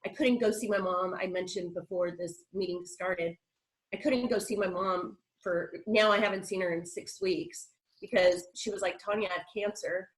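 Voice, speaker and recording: A woman's voice: on the low side, moderate pace, low-quality recording. A middle-aged woman on a video call, telling a personal story in a chatty, rambling way with frequent restarts and laughs. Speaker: guest speaker.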